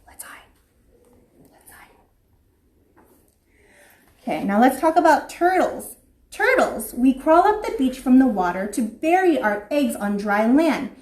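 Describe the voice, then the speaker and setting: A young woman reads a picture book to small children in a lively, sing-song manner. Her voice sits high, and the room around her rings with echo. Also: moderate pace. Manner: animated, sing-song, voices creatures in the story. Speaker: preschool teacher. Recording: echoey room.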